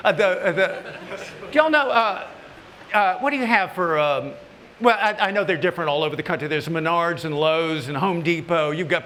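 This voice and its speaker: A woodworking TV host gives a stage talk in a large hall at a woodworking event, telling folksy, joking stories to a live audience, with his voice climbing high whenever he gets worked up. Background noise and audience laughter are audible.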